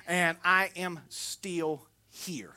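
A Southern man preaching with a bright, forceful edge to his voice. He talks in a folksy, joking way, rising loud and dropping soft by turns, like a pastor at the pulpit. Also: high-pitched, steady tone, very slow, smooth. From Florida. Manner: folksy, humorous, swings between loud and soft. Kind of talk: sermon.

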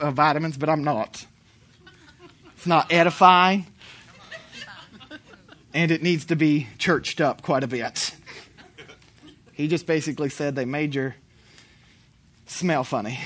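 A man's voice: a little high, sharp tone. A male preacher delivering a sermon in an emphatic, storytelling way, hammering repeated phrases.

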